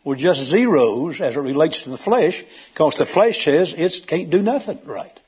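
A man preaching a sermon in a folksy way, telling a joke and asking the congregation questions, swinging from loud emphatic peaks to low quiet asides. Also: animated, moderate pace, breathy edge. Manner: folksy, tells jokes and animal stories, asks the congregation questions.

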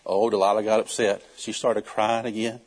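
A man preaching, telling a Bible story in a folksy, animated way and acting out the characters. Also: lowish voice, moderate pace. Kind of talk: storytelling sermon.

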